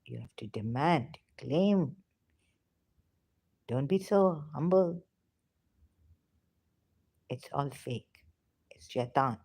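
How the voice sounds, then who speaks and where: An ex-religious vlogger delivers an impassioned monologue to her viewers, emotional and pleading, sometimes sinking to a whisper. Her deep bass voice is husky, gravelly, and warm, very slow and expressive with long pauses, and the recording has no room sound.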